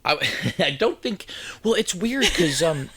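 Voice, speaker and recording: A man on a casual podcast spins a long personal anecdote. His voice is bright and forward. He circles back, restarts sentences and acts out what people said. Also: high-pitched, big pitch swings, measured pace, slightly rough. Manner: rambling anecdote teller with frequent restarts and acted-out quotes. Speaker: podcast co-host. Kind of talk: casual storytelling chat. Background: drinking from a can while talking.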